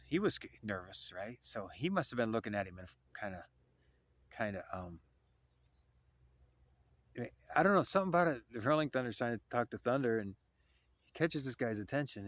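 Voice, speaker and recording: A man's voice: mid-range voice, expressive, fairly quick, no room sound. A man telling a personal spiritual story casually, rambling and repeating phrases, at times murmuring a prayer.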